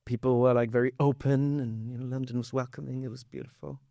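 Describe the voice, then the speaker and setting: A man's voice: mid-range voice, little pitch movement, fast talker, gravelly, warm tone, a little hiss or hum. A man from Germany, whose first language is German, with a slight Cologne accent. He chats casually as a podcast guest, laughs often and restarts his sentences. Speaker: voice actor guest.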